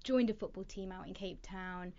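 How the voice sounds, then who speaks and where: A woman's voice: mid-range voice, moderate pace, muffled recording. A woman guest in a casual interview, telling stories with eager restarts and hesitations. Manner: lively storyteller with hesitant restarts. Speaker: podcast guest, talent development leader.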